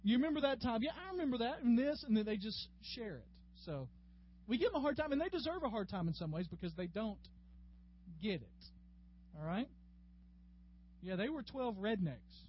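A man's voice: high-pitched, very animated, moderate pace, long pauses. A man teaching a conversational Bible class, chatty and folksy, calling on class members by name. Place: classroom with a group. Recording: dull lo-fi room recording with faint hum.

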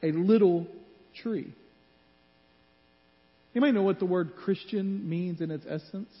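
A male pastor preaching a sermon in a church, telling stories and acting out the voices in them. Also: high-pitched. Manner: animated storytelling, acts out voices in quotes. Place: church sanctuary. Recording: muffled hall with long reverb.

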